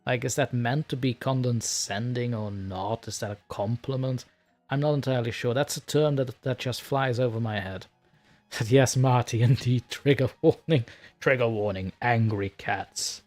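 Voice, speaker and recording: Guy rambling on his livestream, laughs a lot, middle pitch voice, bit of quiet music behind. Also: moderate pace. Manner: rambling and chatty, laughing often. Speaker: livestream host and story narrator. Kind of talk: casual livestream chat.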